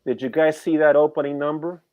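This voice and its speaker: A man's voice: fairly high pitch, a little fast, muffled recording. Rambling middle-aged sports betting co-host man. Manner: animated, rambling, asks rhetorical questions. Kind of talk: casual sports betting talk.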